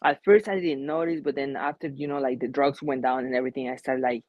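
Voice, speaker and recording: A man's voice: mid-range voice, steady tone, fast talker, no echo, lo-fi sound. A young man, a fighter answering interview questions in a loose, rambling way with many fillers and restarts. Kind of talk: casual interview.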